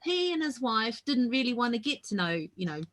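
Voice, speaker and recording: A woman from New Zealand with a New Zealand accent, chatting in a relaxed way during a painting workshop, telling stories with lively quoted asides and frequent laughter. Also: on the high side, brisk, slight background noise. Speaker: workshop participant. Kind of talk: casual chat while painting.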